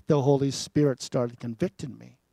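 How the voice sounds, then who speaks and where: A man's voice: mid-range voice, gravelly, no echo. Man preaching his testimony, dry sound. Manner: animated storytelling with big swings in loudness. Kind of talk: sermon testimony.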